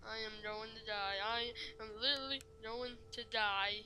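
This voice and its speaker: A woman's voice: a little high, steady tone, normal speed. A woman doing let's play commentary, jumpy and rambling, who keeps apologizing to viewers. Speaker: gamer.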